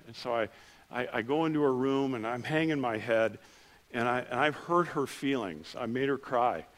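A middle-aged man preaching a sermon in church, telling personal stories with self-deprecating humor and dropping soft and low for quiet moments. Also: moderate pace. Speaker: pastor.

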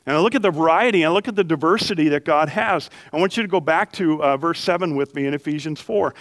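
A man preaching a sermon as pastor, questioning his congregation and explaining scripture with lively energy. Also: fairly high pitch, fast talker, no room sound. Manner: animated, asks the congregation questions.

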